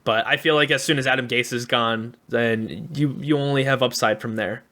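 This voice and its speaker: A man co-hosting a sports podcast, giving his takes in an eager, upbeat way and thanking listeners as he goes. His voice is mid-pitched and bright, with a casual, chatty delivery. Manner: upbeat, enthusiastic opinions, quick asides. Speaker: podcast co-host.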